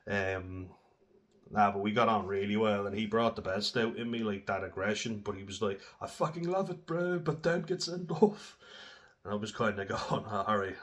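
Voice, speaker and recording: A man's voice: on the low side, a bit bright. A young man telling blunt, sweary stories in a casual way, often laughing as he talks. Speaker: former rugby player. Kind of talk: casual storytelling.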